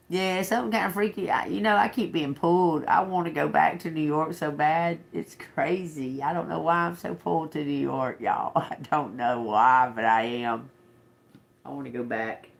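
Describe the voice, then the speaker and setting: A man's voice: medium pitch, gravelly. A man giving a loose, casual tarot reading on a livestream, speaking straight to his audience in a conversational way. He laughs often between thoughts and turns blunt and profane when he answers commenters. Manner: chatty, talks straight to viewers, laughs often; swears, snaps back at chat commenters. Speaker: tarot reader, livestream host.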